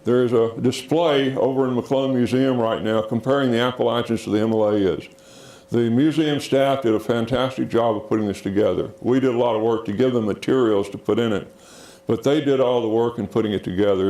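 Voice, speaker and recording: A man giving a public science lecture in a theater, unhurried, with frequent fillers and restarts. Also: mid-range voice, fairly even intonation, dark tone, reverberant, low-quality recording. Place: theater auditorium.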